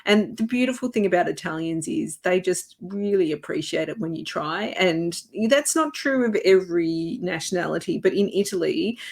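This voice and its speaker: A woman hosting a podcast interview, chatty and easy-going, full of fillers and quick laughs. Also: fairly low pitch, animated, creaky. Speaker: podcast host. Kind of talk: conversational interview.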